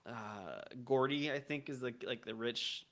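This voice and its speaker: A man's voice: mid-range voice, a little slow, a bit bright. Laid-back guy chatting about a game on a podcast, chuckles a lot. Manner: easygoing, laughs often, hesitant with "um" restarts. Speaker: podcast co-host. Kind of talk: casual chat about a video game.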